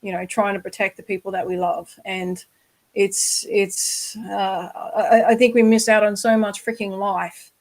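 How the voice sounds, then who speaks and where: An Australian woman hosting a casual podcast interview, with a voice of ordinary middle pitch. She talks earnestly and reassures her guest, and now and then she swears for emphasis. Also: flat delivery, measured pace, darkish tone, poor audio. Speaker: podcast host.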